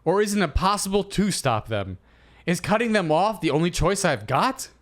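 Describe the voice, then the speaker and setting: A man in his thirties co-hosting a comedy podcast, telling stories in a casual, animated way and acting out quotes. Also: sits high, moderate pace. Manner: animated storyteller, acts out quotes. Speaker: podcast co-host.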